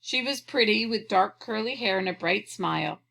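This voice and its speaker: A woman reading a children's storybook aloud, clearly and expressively. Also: mid-range voice, normal speed, sharp tone, rough recording. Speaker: audiobook reader.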